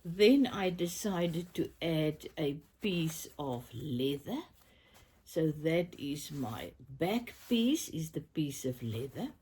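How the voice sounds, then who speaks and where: A South African woman getting over a cold talks from her bed in an upbeat, affirming way, her voice husky and mellow. She speaks slowly, with pitch that rises and falls a great deal. At times she drops to a soft whisper. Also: big pitch swings. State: recovering from a cold, coughing. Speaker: crafting vlogger. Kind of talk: casual chat to camera. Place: bedroom, in bed.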